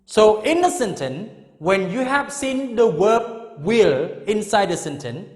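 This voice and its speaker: This grammar lesson comes from an animated English teacher, a man with a high voice, recorded in a room with a long, echoing reverb. Slowly repeating each example sentence, he pauses to check understanding with "Okay?" and "Understand?"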